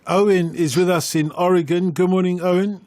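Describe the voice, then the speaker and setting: A man's voice: high-pitched, fairly even intonation, fairly quick, darkish tone, dry recording. A man hosting a radio phone-in, teasing and chatty with his callers. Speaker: radio host.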